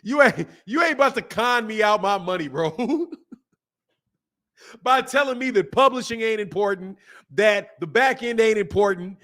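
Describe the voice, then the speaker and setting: A man hosting a boxing channel, talking casually to his camera in animated, slangy commentary with frequent laughter. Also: sits high, normal speed. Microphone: camera mic.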